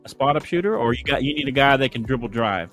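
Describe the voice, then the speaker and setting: A man's voice: mid-range voice, animated, quick pace, fairly bright tone, faint music behind. A man hosting a sports podcast who keeps pressing his co-host with repeated questions. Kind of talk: casual sports debate.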